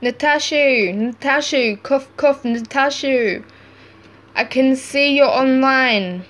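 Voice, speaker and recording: A woman reading chat stories aloud, acting out each texter with lively shifts in tone. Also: sits high, takes it slowly. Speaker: channel host reading text stories.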